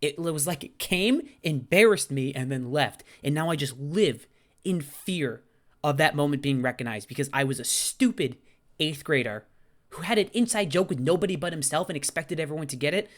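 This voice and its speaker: A young man telling a story casually to camera, self-deprecating and animated, often swearing and acting out the people he quotes. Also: fairly high pitch, moderate pace.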